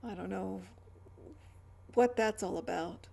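A woman's voice: medium pitch, slow, gravelly, dark tone. A middle-aged woman vlogging in a rambling, chatty way, with stammered restarts and trailing asides. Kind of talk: rambling casual chat.

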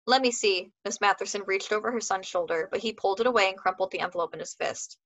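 A woman teacher reads a novel aloud to her class, her voice sitting at a middle pitch. She lifts the dialogue with lively voices for the characters. Afterward she moves into reading comprehension questions. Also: fast talker, low-quality recording.

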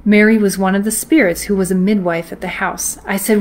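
A woman reads a ghost story aloud to her live-stream viewers. Her delivery is steady and measured, the plain voice of a host sharing a book passage. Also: mid-range voice.

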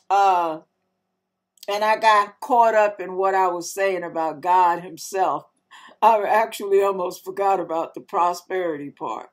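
A woman's voice: mid-range voice, a little slow. A woman hosting an online ministry, speaking heartfelt and tender as she shares and reads scripture. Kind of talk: devotional scripture teaching.

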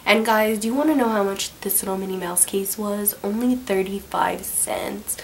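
A young woman with a voice hoarse from a cold, chatting casually and upbeat in a home haul video, with lots of fillers. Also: medium pitch, fairly quick, slight background noise, rough recording. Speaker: vlogger. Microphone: camera on a tripod.

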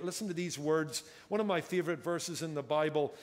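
A pastor with a slightly high voice preaches briskly and emphatically, stretching out key words for effect. He's recorded in a church sanctuary, and the hall's long reverb rings around him.

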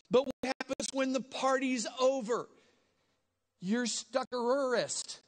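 A man preaching a sermon as a lively story, acting out the people in it with sudden shouts and stretched-out words. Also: very high voice. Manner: animated, acts out voices with shouts and drawn-out words. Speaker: guest preacher.

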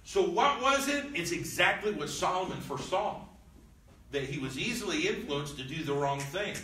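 A man with a high, sharp-toned voice teaches a Bible lesson in a church room, speaking in an animated way at a moderate pace. He reads old scripture aloud, then explains it in casual, plain terms. The sound is echoey, captured by a mic at a distance.

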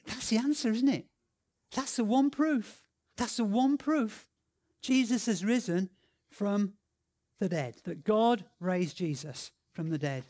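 A man telling stories in a sermon, animated and excitable, with lots of restarts and repeated words. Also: high-pitched, slow pace. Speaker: preacher. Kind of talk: sermon storytelling.

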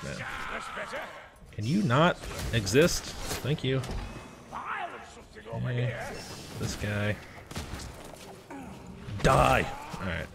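A man giving gameplay commentary, excitable and rambling, swearing often as he plays. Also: medium pitch, vocal fry. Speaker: gaming channel host.

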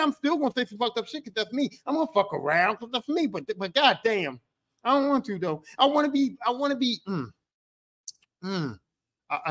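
Alone on his podcast, a man with a very high, slightly bright voice launches into an angry rant that is heated, profane, and repetitive.

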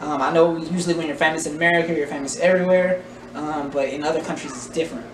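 A man's voice: fairly high pitch, fairly even intonation, fast. A man hosting a casual reaction vlog, rambling and joking while putting on a playful fake accent. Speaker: vlogger host. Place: family home. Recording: echoey room, distant mic, noisy.

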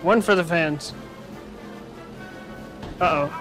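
A man giving let's-play commentary on a video game, with an animated, self-mocking and joking manner. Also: high voice, extremely slow, pauses often. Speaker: gaming commentator. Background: faint game music.

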